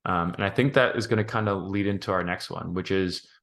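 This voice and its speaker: A man co-hosting a podcast, thinking out loud in a rambling, thoughtful way with many restarts. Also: low-pitched, brisk. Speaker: podcast co-host. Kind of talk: casual podcast chat.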